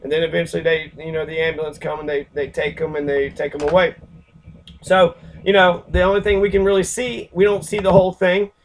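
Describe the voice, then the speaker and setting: Brief: man from Kentucky, angry civics vlogger, swears a lot, voice on the high side. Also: level tone, fairly quick, a little hiss or hum, rough recording. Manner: profane, ranting, many fillers. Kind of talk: angry casual commentary.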